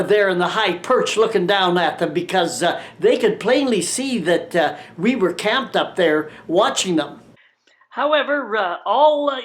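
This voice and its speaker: Older man telling a halting folksy tale. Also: sits high, fairly bright tone. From Canada. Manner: halting, many "uh" fillers, wry self-mocking humor. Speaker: storyteller. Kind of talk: folksy personal anecdote.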